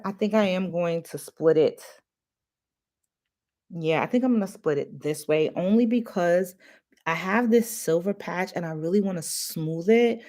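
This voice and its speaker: A woman's voice: on the low side, a little mellow. A middle-aged woman chatting casually through a hair tutorial, confiding and full of fillers, recorded on a phone. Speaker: natural hair vlogger.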